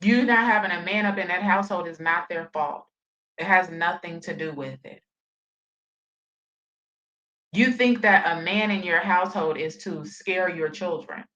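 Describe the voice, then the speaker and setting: A woman's voice: on the low side, normal speed, fairly bright tone, lo-fi sound. A woman giving blunt, profane, scolding reaction commentary on a livestream.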